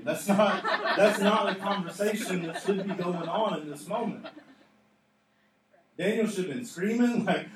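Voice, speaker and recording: Pastor, male, mid-high voice, storytelling sermon that builds to emphatic, laughing asides; distant mic in a boomy sanctuary. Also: lively intonation, normal speed, crowd noise. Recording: echoey hall, off-mic, faint noise.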